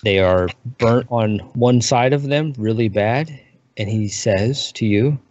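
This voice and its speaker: A man narrating as dungeon master, describing scenes in a relaxed, unhurried way. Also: medium pitch, no room sound. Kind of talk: narrating a tabletop game. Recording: muffled lo-fi recording.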